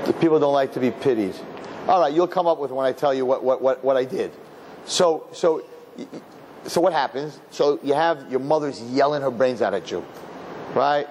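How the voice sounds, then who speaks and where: A man, a rabbi, giving a lively Torah lecture to an audience, acting out other people and dropping in Yiddish and Hebrew words. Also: normal speed, slight background noise. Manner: animated, acts out people with high voices, Yiddish and Hebrew words. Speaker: rabbi teaching a class.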